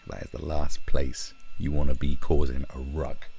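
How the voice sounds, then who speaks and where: A man's voice: extremely low pitch, flat delivery, moderate pace, vocal fry, warm tone, slightly rough. A man hosting a livestream, reading and mocking a news story with sarcastic, profane asides. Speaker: livestream host. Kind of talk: ranting commentary on a news story.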